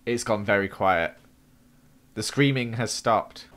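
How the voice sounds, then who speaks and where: A young man giving excitable gameplay commentary as a gaming YouTuber, with dramatic exclamations and gasps. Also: lowish voice, slow pace, faint music behind. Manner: animated, exclaims and gasps often, dramatic reactions.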